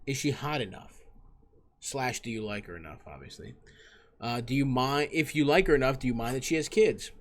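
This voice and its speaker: A man's voice: mid-range voice, expressive, fairly quick. A young man hosting a comedy advice show, giving crude, profane and mocking answers to callers.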